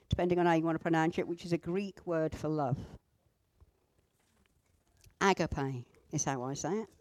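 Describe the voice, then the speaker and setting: Woman walking a church group through a prayer, high voice, takes her time. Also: no echo. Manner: gentle, slow and instructive, with pauses. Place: indoor room with a group at tables.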